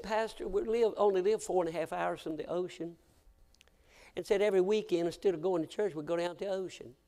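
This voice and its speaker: A male American pastor preaching a sermon, telling stories and swinging from hushed to shouting. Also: high-pitched. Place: church sanctuary.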